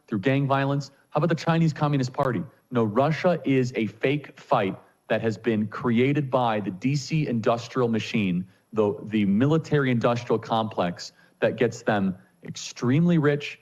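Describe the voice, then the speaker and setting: Man ranting political talk, lots of rhetorical questions, kinda dull lo-fi sound. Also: mid-range voice. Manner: forceful, rapid-fire rhetorical questions. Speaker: political commentator guest.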